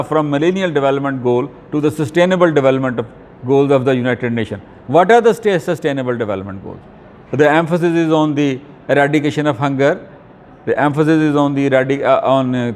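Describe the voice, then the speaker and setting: A male lecturer delivers an academic talk in a measured, halting way, often pausing on fillers and restarting phrases. His voice sits a little high for a man. The sound has a long hall reverb behind it. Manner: deliberate, with frequent fillers and restarts.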